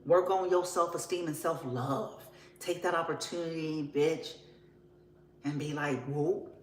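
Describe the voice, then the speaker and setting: A woman's voice: deep voice, steady tone, measured pace, roomy sound, a little hiss or hum, rough recording. A woman giving a casual tarot reading, blunt and profane, often laughing as she talks. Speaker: tarot reader.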